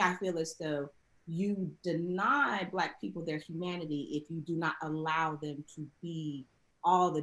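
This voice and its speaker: A young woman from the South, speaking expressively as a showrunner guest in a roundtable conversation. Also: deep voice. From American South. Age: young adult. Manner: expressive, animated. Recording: roomy echo.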